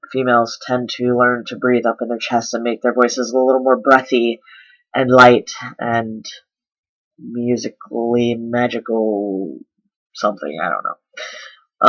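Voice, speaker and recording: A man's voice: medium pitch, slow, sharp tone, lo-fi sound. A man vlogging a casual voice tutorial, explaining step by step with lots of ums. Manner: chatty, filler-heavy explaining. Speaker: voice coach vlogger.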